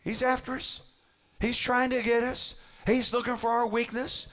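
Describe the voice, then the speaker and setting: A man with a notably high voice delivers a sermon to his congregation. He preaches emphatically, leaning on dramatic pauses and repeated phrases to drive each point home. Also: little pitch movement, a bit bright. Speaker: pastor.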